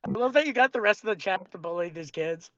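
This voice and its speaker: A man in his thirties co-hosting a casual show, joking with deadpan absurd humor. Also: sits high, quick pace, no echo, highs cut off. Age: 30s. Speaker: co-host. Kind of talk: casual podcast chat.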